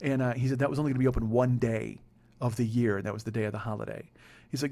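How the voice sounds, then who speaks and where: Fast-talking, profane comedy podcast host. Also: male voice, medium pitch, fairly even intonation, gravelly, dark tone. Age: 40s. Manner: rambling, profane, self-mocking. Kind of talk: comedic storytelling monologue.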